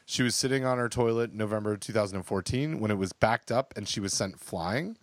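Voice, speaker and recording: A brisk man with a lowish voice co-hosts a podcast, chatting loosely with frequent fillers and restarts, captured in a dry recording.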